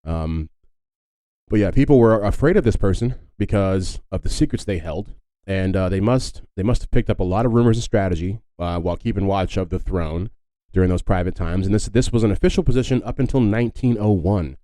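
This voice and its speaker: Man, podcast host, very low voice, dry close sound, casual rambling, filler-heavy, wry asides. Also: fairly quick, warm tone, no echo, low-quality recording. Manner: rambling and filler-heavy, often adds "if you will". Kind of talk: casual solo podcast talk.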